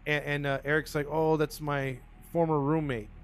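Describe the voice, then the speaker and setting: A man's voice: on the high side, flat delivery, normal speed, soft background music. A man casually retelling a crime case to co-hosts, acting out the quotes with lots of fillers and restarts. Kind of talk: casual storytelling chat.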